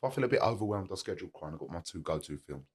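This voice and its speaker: A man's voice: expressive, very fast. A man talking candidly as a podcast guest, earnest and plain-spoken, driving his points home by repeating them. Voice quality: gravelly husky low voice. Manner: earnest and motivational, plain-spoken, uses repetition. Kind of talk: candid conversational storytelling.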